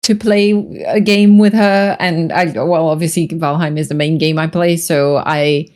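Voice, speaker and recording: A woman's voice: low voice, steady tone, a little slow, a little mellow. A woman chatting as a guest on a gaming podcast, hesitant with many fillers, laughing often. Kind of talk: casual podcast chat.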